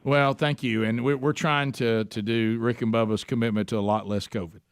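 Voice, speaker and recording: A man's voice: medium pitch, steady tone, clean tone, dry recording. A man hosting a talk radio show, joking with co-hosts and taking calls in a casual way. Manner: joking, quick to laugh, fields calls. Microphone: studio microphone.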